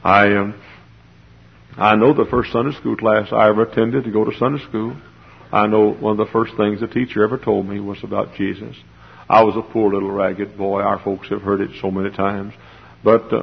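A low-voiced preacher delivers a passionate sermon, his delivery swelling toward shouting as he presses his point. His voice is gravelly and husky. The old recording sounds dull and muffled. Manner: impassioned preaching that builds to shouting. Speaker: pastor. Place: church sanctuary before a congregation.

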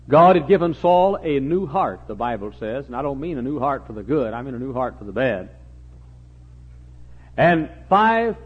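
A man's voice: on the high side, husky. A man preaching a sermon as a folksy storyteller, with humorous asides and acted-out voices, in a dull lo-fi recording.

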